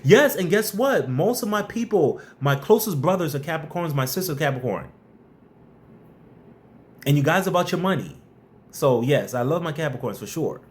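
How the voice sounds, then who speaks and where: A man hosting a live stream, chatting casually, giving viewers shout-outs and blunt, tough-love workplace advice. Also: a little high, expressive, normal speed.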